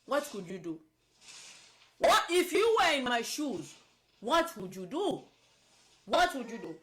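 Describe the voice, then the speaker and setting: A woman's voice: fairly high pitch, very animated, a little slow, fairly bright tone, low-quality recording. A woman from Zambia giving emotional, insistent political commentary, upset and near tears, repeating herself. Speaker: political advocate.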